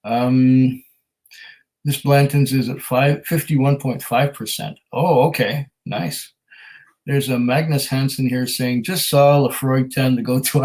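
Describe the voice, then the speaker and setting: A man's voice: mid-range voice, a little mellow, low-quality recording. A man hosting a casual whisky livestream at home, reading viewer comments aloud in an easygoing, chatty way with frequent ums and restarts.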